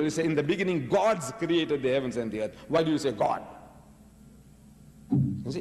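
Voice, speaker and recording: Male preacher, argumentative and emphatic, lecturing; raised pitch, reverberant hall. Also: lively intonation, moderate pace, darkish tone. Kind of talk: religious lecture to an audience.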